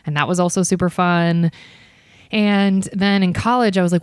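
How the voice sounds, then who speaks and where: A woman in her thirties tells stories from her past in a relaxed, self-mocking chat and keeps acting out her own old lines. Her voice sits low, and the recording is close and dry. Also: quick pace, dry recording. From Ohio. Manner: chatty, self-mocking, often slips into quoting herself. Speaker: podcast host being interviewed. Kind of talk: casual interview chat.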